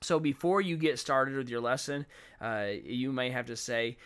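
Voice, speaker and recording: In a clear, resonant mid-range voice that's fairly bright, a middle-aged man talks at normal speed about managing children in the classroom. He keeps it conversational, working through examples and acting out classroom exchanges.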